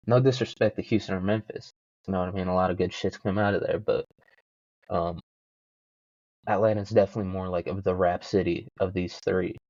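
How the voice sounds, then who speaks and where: A man's voice: sits low, fairly even intonation, a little fast, darkish tone, dry recording, highs cut off. A young man hosting a solo podcast, rambling casually with lots of swearing and self-mocking jokes. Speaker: podcast host.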